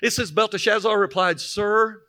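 High bright-voiced male preacher. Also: lively intonation. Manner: reads scripture then pauses to explain with emphatic asides. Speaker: pastor. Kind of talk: sermon.

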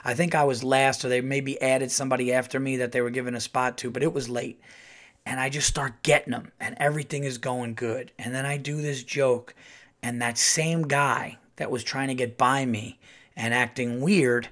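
A middle-aged man telling a casual, animated story as a comedian hosting his podcast. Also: moderate pace. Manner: animated, acts out quotes in a louder higher voice.

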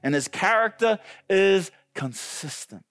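A male pastor preaching a sermon with passion, often climbing to loud, high peaks. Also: lively intonation, measured pace, dry recording. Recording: dry close sound with faint music.

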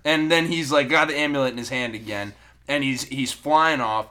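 Brief: bright-voiced male podcast host, lively storyteller, swears freely. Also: medium pitch, moderate pace. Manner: animated storyteller, swearing, laughing through the retelling. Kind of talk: casual chat, recapping a comic.

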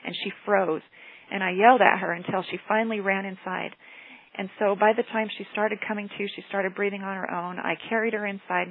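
A middle-aged mother telling a personal story in an earnest, halting way, often repeating words. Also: medium pitch, creaky, husky, no echo. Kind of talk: personal testimony. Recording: tinny phone-line sound, dry.

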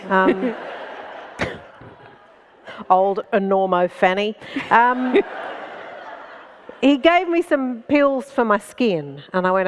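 Animated woman telling comic stories. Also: on the high side, moderate pace, in a large hall, a little hiss or hum. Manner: self-mocking, animated, laughing through her lines. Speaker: comedian telling stories at a festival talk. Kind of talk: comic storytelling to a live audience. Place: festival stage before an audience.

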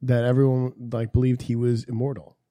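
A man's voice: mid-range voice, level tone, dark tone, dry recording, clean studio sound. A man cracking profane jokes as a podcast co-host in casual banter. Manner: quick joking, profane. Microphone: studio mic.

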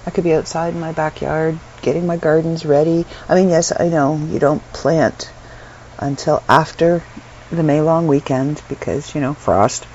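A middle-aged woman from Canada rambles casually from her bedroom, tired and unwell but chatty, filling gaps with ums. Her voice has a gravelly, creaky edge at a middle pitch. The recording sounds dull and lo-fi with a faint hiss of room noise. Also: fairly even intonation, normal speed, darkish tone. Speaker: vlogger. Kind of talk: casual chat to camera.

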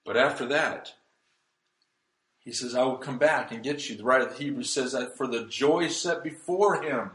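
A pastor preaching a sermon, swinging between loud emphasis and hushed, soft passages. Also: male voice, mid-range voice, reverberant, rough recording.

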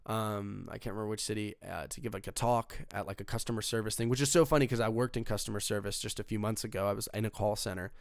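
A man's voice: on the low side, fairly even intonation, fast talker, gravelly, few pauses, dry recording, studio quality. A young man giving a casual, rambling movie review, swearing freely and leaning on fillers like "like" and "you know". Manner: rambling, profane, filler-heavy. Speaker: film reviewer.

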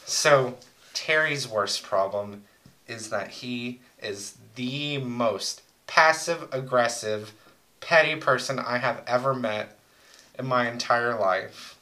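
Bright-voiced young man telling crude stories. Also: mid-range voice, takes it slowly, poor audio. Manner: rambling, crude, joking storyteller. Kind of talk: casual chat.

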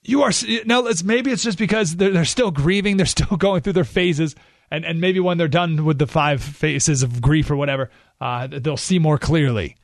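A man hosting a political talk radio show, talking in an animated, sarcastic way. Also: fairly high pitch, moderate pace, dry recording, studio quality. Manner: animated, sarcastic, acts out quoted voices.

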